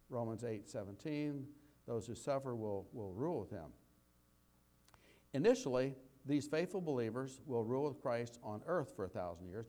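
A man giving a conversational Bible teaching, rambling with restarts and slowing down to read scripture aloud. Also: medium pitch, warm tone. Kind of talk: sermon.

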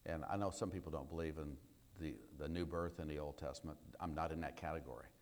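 A man's voice: extremely low pitch, fairly even intonation, quick pace. A middle-aged man teaching a casual Bible lesson from slides, in a folksy, conversational way, acting out sarcastic quotes now and then.

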